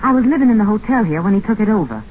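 A woman's voice: mid-range voice, lively intonation, rapid-fire, natural voice. An actress playing a young woman who talks in an earnest, urgent, persuasive way. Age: young adult. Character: young Southern woman, practical and scheming. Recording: muffled old film soundtrack, faint hiss.

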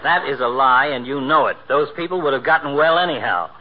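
An actor playing a sharp-tongued small-town doctor in a 1940s radio comedy, wry and needling. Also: male voice, mid-range voice, a little fast, natural voice. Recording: hissy muffled old radio broadcast.

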